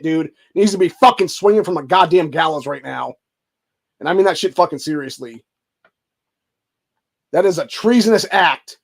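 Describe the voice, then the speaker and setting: Fired-up guy on a livestream, swearing nonstop, kinda high voice, says dude a lot. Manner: angry, heavy cursing, says "dude" often. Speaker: show host. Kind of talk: profane livestream rant.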